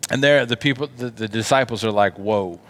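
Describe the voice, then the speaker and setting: A man's voice: medium pitch, quick pace, fairly bright tone. A man telling a Bible story to children in a casual, slangy way, acting out the quotes. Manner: chatty, slangy, acts out quotes. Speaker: children's ministry teacher.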